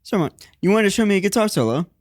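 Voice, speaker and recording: A man's voice: sits high, expressive, very fast, darkish tone, no echo, studio quality. A young man co-hosting a podcast, talking in a laid-back, rambling way with many fillers. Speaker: podcast co-host. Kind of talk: casual chat.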